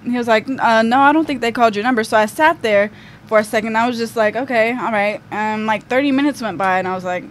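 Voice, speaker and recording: A young woman guesting on a podcast tells a story casually and chattily, filling it with "like" and "um." She speaks fast in a fairly high voice, with faint background noise in the recording.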